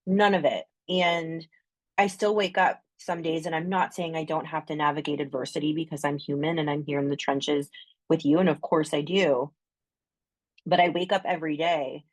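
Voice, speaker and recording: A woman's voice: sits low, steady tone, normal speed, no room sound. A woman with a Canadian accent, chatting enthusiastically as a guest astrologer on a podcast, often saying "like". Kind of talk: casual podcast conversation.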